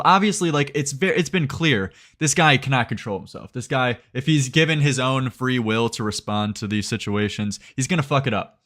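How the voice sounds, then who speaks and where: A man's voice: medium pitch, a little fast, few pauses, fairly bright tone. A young man giving mocking commentary as a streamer, sarcastic and rambling, often laughing.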